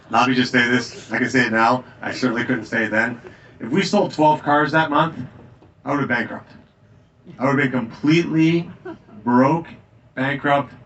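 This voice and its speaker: A man giving a campaign stump speech in a tavern, telling anecdotes in an emphatic, energetic way. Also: mid-range voice, recorded from a distance, muffled recording, a little hiss or hum. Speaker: political candidate. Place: tavern, indoors.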